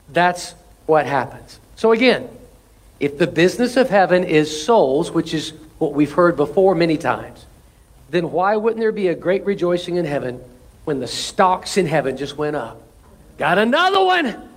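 Fairly quick and on the high side, a pastor's voice carries an animated sermon. He drops in laughing asides and shifts from loud exclamations down to soft, intimate moments.

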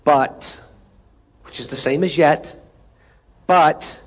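A high-voiced man preaches from the pulpit, asking the congregation for amens between lines. He reads scripture with climbing intensity. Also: fairly even intonation, slow pace, long pauses. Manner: preaching with call-and-response asides. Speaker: pastor. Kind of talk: sermon.

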